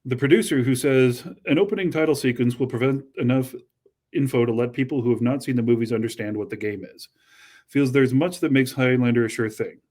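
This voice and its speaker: A man's voice: mid-range voice, a little fast. Man reading aloud on a podcast. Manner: steady reading with casual asides. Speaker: podcast co-host. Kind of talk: reading a magazine article aloud and chatting.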